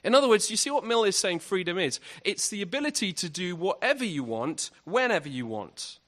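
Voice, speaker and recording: A man's voice: high voice, very animated, a little fast, fairly bright tone. A man giving an evangelistic talk at a university event, earnest and full of rhetorical questions. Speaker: guest speaker.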